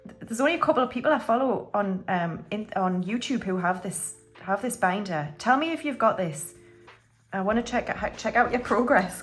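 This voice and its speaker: A woman, talking in a loose, chatty way as she counts money out loud for her viewers. Her voice sits at a medium pitch, with offhand asides between the numbers. Light music plays faintly underneath. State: slightly unwell, clearing throat. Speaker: budgeting YouTuber. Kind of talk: casual chatty voiceover while counting cash.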